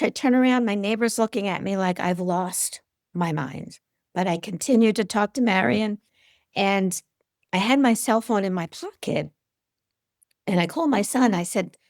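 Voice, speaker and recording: Middle-aged woman, medium being interviewed; gravelly, dry close sound; animated storyteller. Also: no echo. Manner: animated storyteller, acts out quotes with big pitch jumps.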